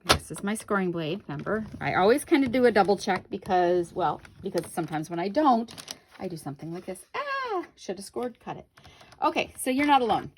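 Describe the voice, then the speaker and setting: A woman's voice: mid-range voice, expressive, a little fast, slight background noise. A woman demonstrating a paper craft on camera, chatting with viewers and correcting herself as she works. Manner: chatty, talks to viewers while working, self-correcting. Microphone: camera on the craft table.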